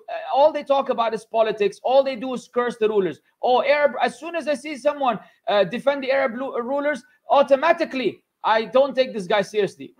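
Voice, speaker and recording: Male religious teacher with a very high voice, lively and scolding, code-switches into Arabic. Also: a little fast, few pauses. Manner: animated, scolding, mixes in Arabic phrases. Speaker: Islamic teacher. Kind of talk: religious class lecture.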